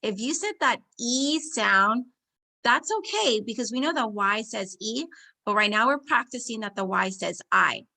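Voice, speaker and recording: A woman teacher, slowly leading young children through a phonics lesson, sounding out words and giving warm encouragement. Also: fairly high pitch, animated, gravelly.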